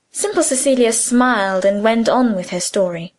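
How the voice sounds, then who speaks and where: A woman reading a novel aloud as narrator, in a measured, expressive way. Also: a little high. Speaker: audiobook narrator. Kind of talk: scripted narration.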